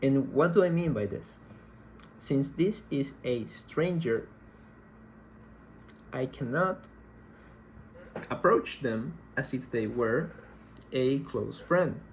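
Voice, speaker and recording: A man giving a recorded university lecture, explaining slowly and deliberately and often repeating words as he searches for the next one. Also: mid-range voice, lively intonation, slight background noise, poor audio.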